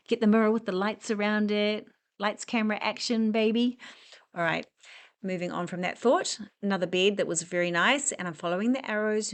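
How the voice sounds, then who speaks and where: A woman's voice: mid-range voice, a bit bright. A woman chatting enthusiastically as she walks through a large furniture store, full of rambling asides. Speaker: home decor vlogger. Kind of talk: casual walk-through chat.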